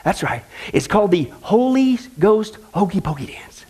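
A man leads a Bible study and mocks his subject, joking and laughing at his own lines. His voice sits high and leaps around with wide, lively swings in pitch. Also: moderate pace, breathy edge. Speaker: Bible teacher and host. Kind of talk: mocking sermon commentary.

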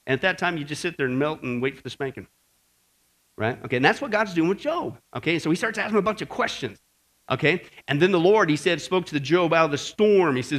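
A man preaching a sermon in a high voice that swoops up and down with energy. He keeps checking in with the listeners, tossing in quick questions to hold their attention. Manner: lively, keeps checking in with "okay?" and "right?".

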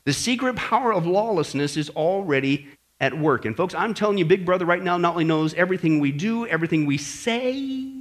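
A male preacher with a high voice teaches scripture in a sermon. He is emphatic and conversational, and he keeps turning to the congregation to make sure they follow. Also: lively intonation, brisk. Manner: emphatic, conversational, checks in with "okay?" and "listen".

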